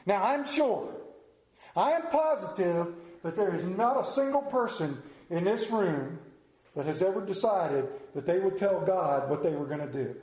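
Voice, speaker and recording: Man pastor, sermon, animated storyteller, higher voice, roomy church hall. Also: unhurried.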